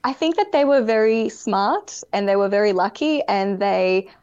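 A woman's voice: mid-range voice, animated, moderate pace, darkish tone, clear, resonant tone, dull audio. A young woman, a pageant contestant, chatting as a guest in a live interview over a video call. She is bubbly, giggles often, and says "like" a lot. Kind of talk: casual interview chat.

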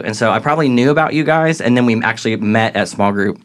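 A young adult man with a Midwestern accent, an associate pastor talking as a podcast guest in a relaxed, self-deprecating way, often pausing on "um.". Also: mid-range voice. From Southern Illinois. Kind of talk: casual conversational storytelling.

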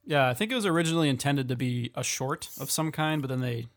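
A man co-hosting a casual podcast chat about films, laid-back and often trailing off into quiet asides. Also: mid-range voice, fast. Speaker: podcast co-host.

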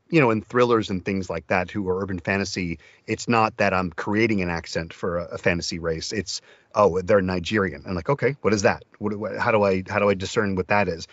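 A low-voiced man talks through an interview with eager, rambling enthusiasm and frequent restarts. The sound is dry and close. The audio is dull and lo-fi. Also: a bit bright, no echo. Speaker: audiobook narrator. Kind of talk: casual interview talk.

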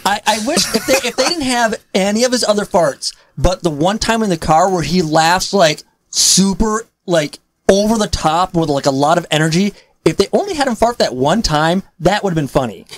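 Woman, podcast co-host, casual movie talk, skeptical, animated, lively pitch, dry sound. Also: normal speed, no room sound. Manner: animated, skeptical, laughs often.

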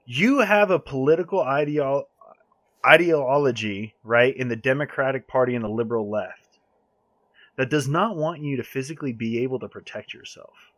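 A man's voice: mid-range voice, normal speed, fairly bright tone, dry recording. A man ranting hard in a casual podcast chat, heated and swearing often.

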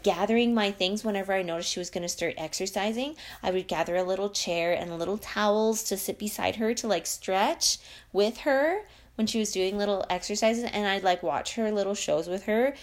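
A young woman vlogging about a book she loves. She chats in a gushing, filler-heavy way and reads passages aloud. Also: medium pitch. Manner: gushing, uses "like" a lot. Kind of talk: casual chat and reading aloud.

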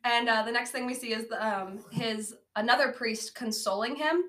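Podcast co-host, woman, bright and slightly high voice, giggly, animated storyteller. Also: normal speed. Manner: laughs often, animated retelling. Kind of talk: casual movie-roast chat. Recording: low-quality amateur audio.

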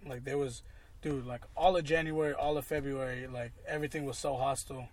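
A man's voice: mid-range voice, steady tone, fairly quick. A man guesting on a casual podcast in a car, goofy and self-mocking, rambling with lots of "like"s. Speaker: guest, school worker. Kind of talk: casual chat. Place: inside a car.

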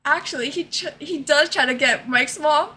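A young woman with a high, bright voice recaps a show in casual chat, giggling so hard she can barely get the story out. A faint hiss sits under the recording. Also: moderate pace. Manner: giggly, keeps cracking up while retelling scenes. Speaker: co-host.

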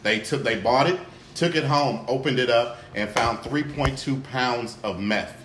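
A man's voice: medium pitch, a little slow, reverberant, noisy background. A man hosting a casual chat, loose and laughing, rambling with lots of fillers. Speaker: podcast host.

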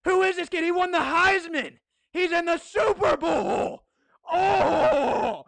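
A high-pitched podcast host with a gravelly edge runs a hyped-up sports preview. The voice is bright and forceful, recorded dry and close. The host talks excitably, shouting and firing off rhetorical questions. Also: takes it slowly, no echo. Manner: excitable, shouts, keeps asking "What?".

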